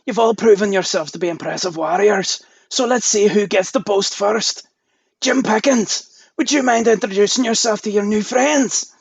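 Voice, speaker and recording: A man's voice: high voice, normal speed, creaky, breathy edge, heavily acted. A man voicing a grand lord who summons adventurers to his realm, speaking formally. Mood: grandiose.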